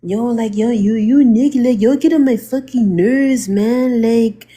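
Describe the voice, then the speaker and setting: A woman's voice: high-pitched, normal speed, warm tone, breathy edge. A woman voicing a brash young man from the neighborhood who swears and talks tough in a comedic skit. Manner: swearing, slangy, tough-talking.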